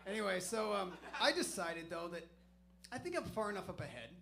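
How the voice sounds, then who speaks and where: A man's voice: high-pitched, very animated, a little fast, vocal fry, a bit bright. A man doing stand-up comedy on a club stage, telling a profane, rambling, self-deprecating story.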